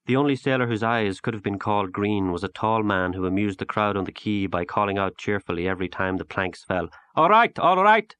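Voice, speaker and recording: A man narrating a literary short story in a measured, unhurried audiobook reading. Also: on the low side, steady tone, fairly bright tone, clear, resonant tone.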